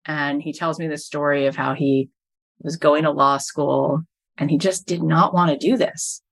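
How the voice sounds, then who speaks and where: A woman's voice: low-pitched, steady tone, moderate pace, creaky. A middle-aged woman, a podcast host and business coach, telling stories as a guest in an interview and building each anecdote to its punchline.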